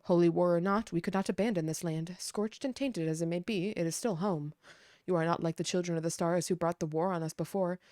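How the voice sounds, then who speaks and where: A woman voicing a weary, solemn old man while reading game dialogue aloud in a slow, heavy way. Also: on the low side, fairly even intonation, dark tone, dry recording, studio quality, natural voice.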